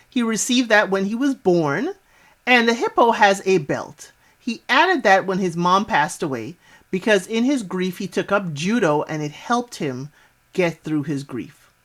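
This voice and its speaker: This reality show recap comes from a woman with a mid-range, fairly bright voice. Her delivery is casual, chatty and full of sass, with frequent asides and retorts aimed at the people on screen.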